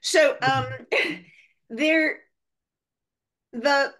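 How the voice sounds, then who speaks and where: A woman's voice: sits high, very slow. A woman, the guest speaker, explaining ideas in a discussion over a video call. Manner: animated, explanatory.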